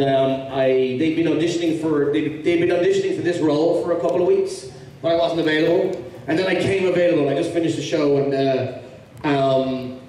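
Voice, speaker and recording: A man's voice: fairly high pitch, a little mellow. Irish man in an echoey hall. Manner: rambling, with many restarts and easy humor. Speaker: actor guest at fan convention panel. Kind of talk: casual Q&A panel talk. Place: large convention hall with audience. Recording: echoey hall, mic from far off.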